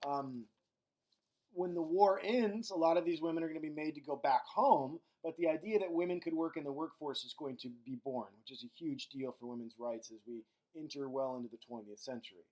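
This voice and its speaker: A man's voice: a little high, brisk, a little mellow. Joking, casual male history teacher. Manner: casual and joking, with frequent fillers. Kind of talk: recorded classroom lecture.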